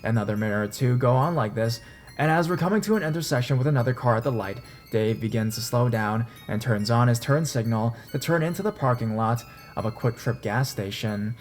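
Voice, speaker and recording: A man narrates a first-person horror story in a steady, even storytelling voice at a middle pitch. Faint dark music plays underneath. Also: brisk. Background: faint dark background music.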